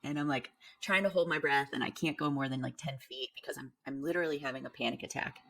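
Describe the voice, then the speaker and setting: A woman's voice: a bass voice, fast talker, gravelly, a bit bright. A young woman guest on a podcast, candidly telling a vivid personal story in a casual way.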